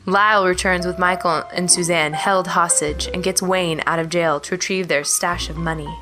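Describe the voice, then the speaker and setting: A woman co-hosting a podcast, reading a plot summary in a steady, measured way. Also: on the low side, over music. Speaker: podcast co-host.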